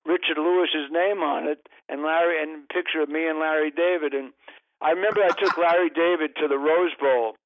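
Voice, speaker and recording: An older comedian spins a long, wandering story on a radio show, cutting himself off and piling on exasperated asides. His voice sits a little high. It comes through a dry, tinny phone line. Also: steady tone, moderate pace, no echo. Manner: rambling, self-interrupting, exasperated asides. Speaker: comedian, guest.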